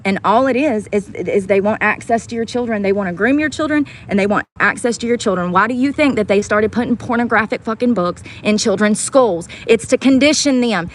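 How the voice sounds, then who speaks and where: On a casual livestream, the host, a woman with a medium-pitched voice, rants heatedly, swearing often and repeating herself for emphasis. Slight background noise can be heard.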